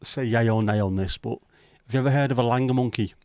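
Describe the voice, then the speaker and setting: A fast-talking livestream host with an ordinary middle pitch and darkish tone ribs his viewers with relaxed, teasing humor. The audio is close and dry, with no echo from the room.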